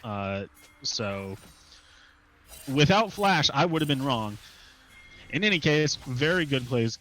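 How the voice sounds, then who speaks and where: A man's voice: mid-range voice, animated, slow pace, fairly bright tone, poor audio. Chatty male esports analyst. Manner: conversational analysis with light laughs and filler. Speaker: esports caster. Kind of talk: color commentary.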